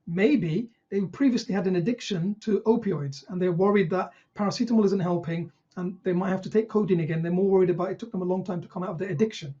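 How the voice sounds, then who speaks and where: GP trainer, mellow, dull lo-fi audio. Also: mid-range voice. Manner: asks rhetorical questions, acts out patient lines. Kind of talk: online teaching session.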